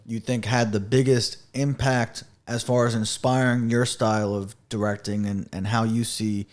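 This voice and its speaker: A young man hosting a podcast, talking in a casual, slangy, animated way and acting out lines he quotes. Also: lowish voice, normal speed. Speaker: podcast host.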